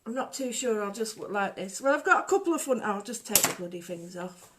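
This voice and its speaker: A woman's voice: medium pitch, animated, fairly quick, noisy background. A woman hosting a casual home livestream, rambling chattily and greeting viewers by name. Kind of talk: casual live chat.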